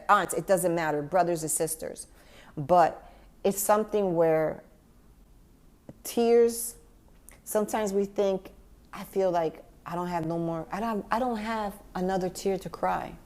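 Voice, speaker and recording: Slow, gentle woman sharing her grief. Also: on the low side. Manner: gentle, heartfelt, speaks directly to the listener. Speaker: podcast host; grieving mother. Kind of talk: personal reflective monologue.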